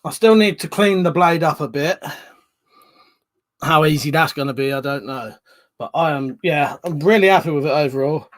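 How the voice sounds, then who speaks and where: A man hosting a casual live stream, chatting and greeting viewers by name, with loud greetings and quieter mumbled asides. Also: on the high side, normal speed, no echo.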